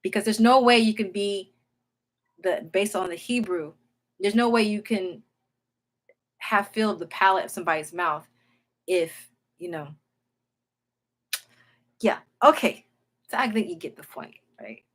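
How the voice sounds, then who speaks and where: A woman's voice: medium pitch, unhurried, long pauses, a bit bright. A woman giving an informal Bible teaching in an emphatic way, often checking in with her listeners. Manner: emphatic, keeps checking in with "okay?" and "all right?".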